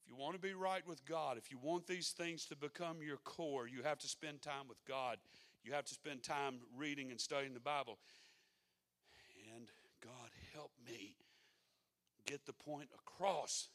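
A man's voice: fairly high pitch, a little slow, fairly bright tone. A man preaching a sermon in a folksy, conversational way that rises to fervent exhortation.

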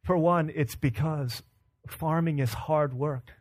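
A man's voice: a little high, slow pace. Earnest man preaching a sermon. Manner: earnest, storytelling with quoted voices and laughs. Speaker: pastor.

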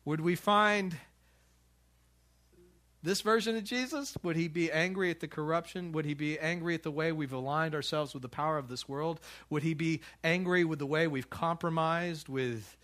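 A man's voice: a little high, moderate pace, fairly bright tone. A man preaching a sermon in a church, talking casually with frequent restarts and light laughter. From United States. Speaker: pastor.

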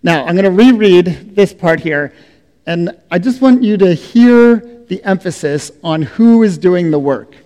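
A middle-aged male pastor delivers a sermon at a very unhurried pace, drawing out each phrase and letting it fade quietly. His voice sits a touch high for a man. The sound carries a long reverb, like a church hall. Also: animated. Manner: slow, deliberate preaching with soft trailing endings.

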